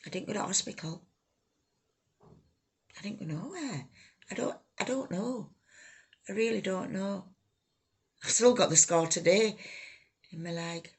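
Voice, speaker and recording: A woman telling her own life story, halting, raw and emotional, swearing freely. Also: mid-range voice, breathy edge. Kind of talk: personal life story told to camera.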